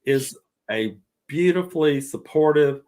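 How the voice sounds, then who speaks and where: A middle-aged male author reading a passage from his novel slowly and lyrically. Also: fairly high pitch, animated, a little mellow.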